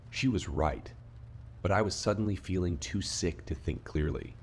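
A man reading a scripted horror story in a steady, measured narrating voice. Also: low-pitched, slight background noise. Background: faint rain ambience.

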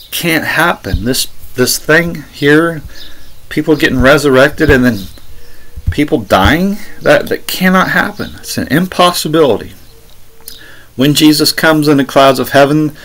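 A man's voice: medium pitch, fairly bright tone. A man giving a rebuttal commentary on a sermon recording in an argumentative, sarcastic way, repeating his points insistently. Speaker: religious commentator.

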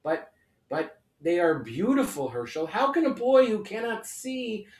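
A worried, loving widowed mother in a storybook, voiced by a man reading aloud. Her lines come out high and fretful. The sound is roomy and a bit off-mic. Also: sing-song, measured pace, far from the mic. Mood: amazed. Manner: sharp then tender, fretting. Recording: echoey room, off-mic.

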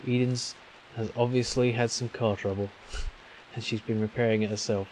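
A man commentating a game, reading its text aloud with relaxed asides. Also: mid-range voice, moderate pace, a little hiss or hum. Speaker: gameplay commentator.

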